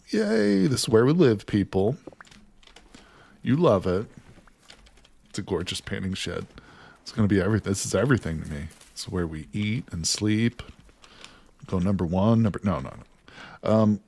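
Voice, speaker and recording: A man with a fairly low voice plays through a survival game live. He talks straight to his viewers, dropping to mutters and then jumping into excited, jokey outbursts. A desk mic catches him as he types at his keyboard. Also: slightly rough. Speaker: gaming streamer. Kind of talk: live gameplay commentary.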